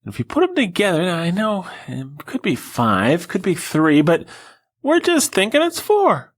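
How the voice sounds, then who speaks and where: A man putting on a squeaky, dim-witted guesser. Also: wildly swooping pitch, normal speed, full character voice. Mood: mock-naive. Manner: high mock-naive sing-song.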